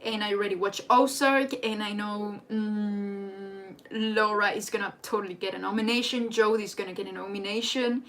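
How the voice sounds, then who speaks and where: A young woman, a native Spanish speaker, hosting a casual live chat in an excitable, rambling way. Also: medium pitch, normal speed. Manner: excitable and rambling, with frequent restarts. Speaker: livestream host. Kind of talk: casual live chat reading viewer comments.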